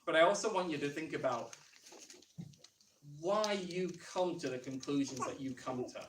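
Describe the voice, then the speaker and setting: A man with a Northern English accent preaches in a conversational way, thinking aloud and asking questions. His fairly high voice sits away from the microphone and rings around an echoey church room, with a faint hiss behind it. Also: moderate pace, recorded from a distance. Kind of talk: sermon.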